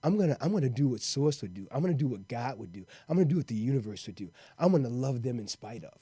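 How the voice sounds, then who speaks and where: A man's voice: medium pitch, big pitch swings, fast, dark tone, breathy edge, no room sound. A man hosting his own podcast, talking earnestly and often repeating words as he goes. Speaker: podcast host. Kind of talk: casual monologue.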